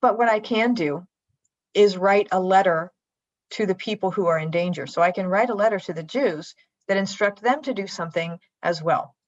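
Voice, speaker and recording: A woman voicing an indignant ancient king who demands answers in a booming way, on a dull lo-fi livestream. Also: normal speed, natural voice. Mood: explaining.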